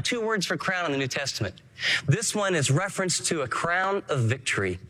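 A man preaching a sermon, emphatic and animated, often asking his listeners questions. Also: sits high, fairly quick. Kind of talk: radio sermon.

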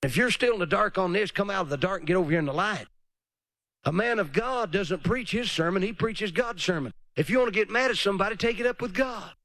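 A man's voice: high voice, animated, fairly bright tone, no echo. A man preaching a revival sermon, emphatic and calling for amens. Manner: emphatic, drawn-out pauses, calls for amens.

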